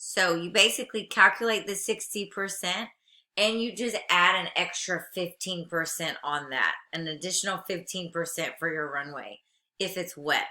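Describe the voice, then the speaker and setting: Bright-voiced woman teaching aviation rules. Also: fairly low pitch, moderate pace. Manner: reads regulations aloud, then explains plainly to students. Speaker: aviation instructor. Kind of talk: recorded online lecture.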